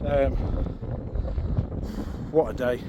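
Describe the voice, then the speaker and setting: Breathless, excitable man fishing on a windy shore. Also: mid-range voice, drawn-out words. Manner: excitable, chatty, talks to viewers. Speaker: fishing vlogger. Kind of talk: casual outdoor commentary to camera. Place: windy seashore outdoors. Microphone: phone. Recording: phone on a windy shore, wind noise.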